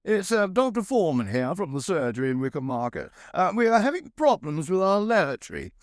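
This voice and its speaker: A man's voice: high-pitched, sing-song, fairly quick, no room sound, studio quality, voice pushed up. A man voicing a polite, fussy village doctor on the phone.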